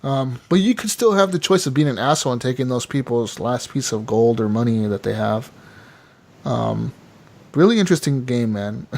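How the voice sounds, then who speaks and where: A man's voice: mid-range voice, creaky, a little mellow. A man co-hosting a casual gaming podcast, retelling a story animatedly and swearing freely. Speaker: podcast co-host.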